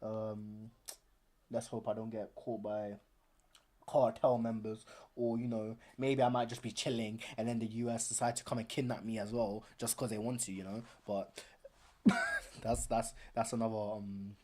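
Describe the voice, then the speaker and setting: Animated young man ranting on stream. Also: on the low side, normal speed. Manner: animated, repeats phrases, slangy. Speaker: live stream host. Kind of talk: casual commentary.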